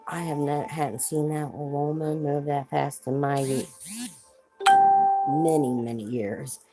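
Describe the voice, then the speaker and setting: A woman with a remarkably low voice tells family stories on a casual livestream. She talks in a chatty way and breaks off to greet viewers. Music plays clearly behind her. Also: fairly even intonation, takes it slowly, poor audio. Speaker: livestream host.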